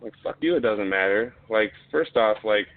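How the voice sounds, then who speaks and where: A man's voice: fairly low pitch, animated, normal speed. A man telling a story in a casual, blunt way, swearing often and getting heated. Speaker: podcast guest, fighter. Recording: tinny phone-like line.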